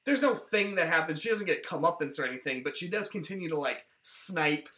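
Podcast co-host, male, bright, rambling scene-by-scene recap. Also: on the high side, animated, brisk. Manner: rambling retelling of film scenes. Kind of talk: casual film discussion.

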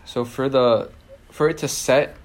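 A man from New York, a guest artist, telling stories in a relaxed, rambling way and laughing often. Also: medium pitch, a little slow, a little hiss or hum. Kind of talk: casual storytelling.

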